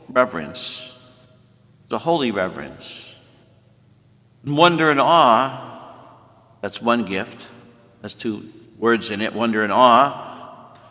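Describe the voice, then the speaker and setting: Male priest, catechism teacher, folksy and explanatory, bright tone, long church reverb. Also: mid-range voice. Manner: folksy, explanatory, self-made memory tricks. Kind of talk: teaching talk to confirmation students.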